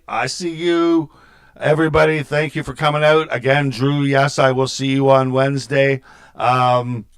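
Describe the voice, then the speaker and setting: A middle-aged man hosting a metal show, telling a long story in a rambling, profane, self-interrupting way. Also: mid-range voice. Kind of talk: rambling casual monologue.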